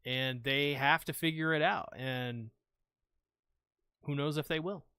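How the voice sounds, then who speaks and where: A man's voice: fairly high pitch, steady tone, unhurried, bright, forceful tone, smooth, dry recording, studio quality. A man co-hosting a podcast in casual chat, easygoing and hedging his points. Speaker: podcast co-host.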